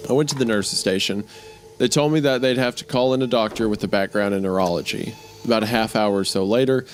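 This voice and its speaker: A man hosting a podcast, reading a story aloud steadily and breaking off to laugh and comment casually. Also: lowish voice.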